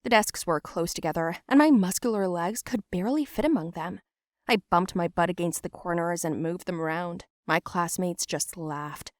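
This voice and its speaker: A woman's voice: fairly low pitch, moderate pace, no room sound. Casual: young woman narrating her story plainly, dry close sound. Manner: plain, matter-of-fact storytelling. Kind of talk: scripted first-person storybook narration.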